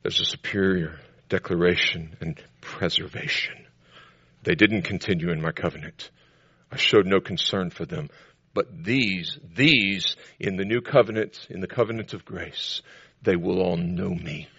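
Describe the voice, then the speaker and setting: Gravelly-voiced man preaching emphatically. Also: a little slow, no echo, muffled recording. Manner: preaching with emphatic rises to loud high declarations. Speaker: pastor. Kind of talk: sermon.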